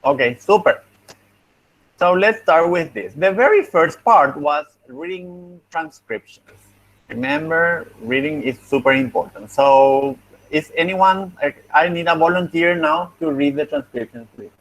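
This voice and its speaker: A man's voice: a little high, expressive, unhurried, fairly bright tone, low-quality recording. A man teaching a phonetics class over a video call, patient and encouraging, thinking aloud as he goes through an exam. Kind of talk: online class feedback.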